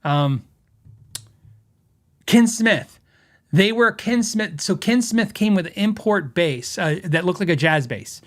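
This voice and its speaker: A podcast host with a fairly high voice for a man tells a story in a loose, rambling way. He restarts sentences and laughs often as he talks. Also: lively intonation, takes it slowly, long pauses. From western United States.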